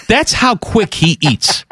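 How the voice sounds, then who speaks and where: A man's voice: high-pitched, wildly swooping pitch, drawn-out words, pushed and bright, husky, no echo, clean studio sound. A man co-hosting a radio show, chatting casually with a wry, teasing manner. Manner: teasing, wry, laughs easily. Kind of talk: casual chat.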